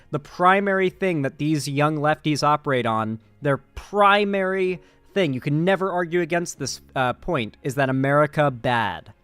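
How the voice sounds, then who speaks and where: A man's voice: fairly high pitch, a bit bright, clean tone, no room sound. A young man hosting a political stream, reading chat and rambling casually with restarts.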